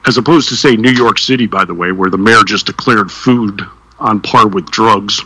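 Husky, bright-voiced man ranting sarcastically. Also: fairly low pitch, moderate pace, dry recording, poor audio. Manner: sarcastic, joking rants. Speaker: podcast co-host. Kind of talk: casual chat.

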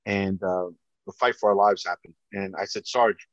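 Loud-voiced man, deep and dry. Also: level tone, moderate pace, no room sound. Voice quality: big, loud voice. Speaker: police officer telling his story. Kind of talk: personal testimony. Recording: dull, dry lo-fi recording.

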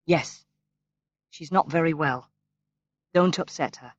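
A man voicing an anxious, tearful young woman who tells what happened in an upset, hurried way, in a storybook reading. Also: on the high side, dry recording, pitched above the performer's own voice. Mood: worried. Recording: dull, lo-fi, dry recording.

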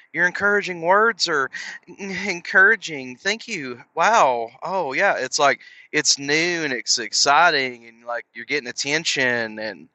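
This podcast host's voice is mid-range, bright and forceful, captured with no room sound. He chats casually into a headset, wandering off on tangents, running himself down, dropping fillers and acting out the voices of characters in his stories.

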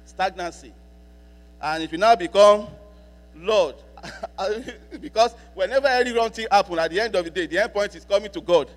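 A man preaching a sermon as a pastor, repeating key lines for emphasis and slowing down to read scripture. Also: sits high. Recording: long hall reverb with mains hum.

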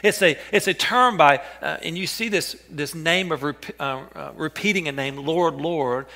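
Bright-voiced man preaching a sermon. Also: a little high. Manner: earnest preaching, repeats phrases, softens to a hush for quoted callings. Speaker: pastor.

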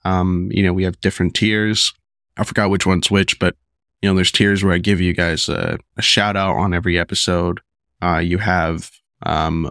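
A deep-voiced man hosting his podcast while sick, his voice rough. He rambles casually with many ums and restarts. The sound is dry and close. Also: a bit bright, no echo. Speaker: podcast host. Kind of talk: casual solo podcast talk.

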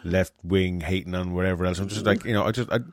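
A man's voice: sits low, steady tone, fast talker, no room sound, studio quality. A man co-hosting a casual podcast, talking in a laid-back, rambling way. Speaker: podcast co-host.

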